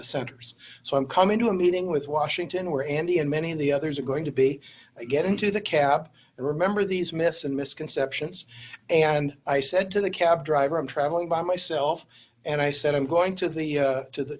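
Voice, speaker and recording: A man's voice: fairly high pitch, breathy edge. A man who teaches at a university, telling an anecdote in a lecture, self-deprecating, with many fillers and restarts. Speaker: university instructor. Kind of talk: storytelling lecture.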